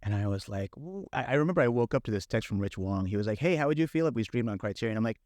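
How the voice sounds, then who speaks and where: Chatty low-voiced man telling stories. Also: rapid-fire, no room sound, studio quality. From San Francisco Bay Area. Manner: animated, lots of filler and quoted inner thoughts. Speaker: film director, interview guest. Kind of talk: casual conversational storytelling.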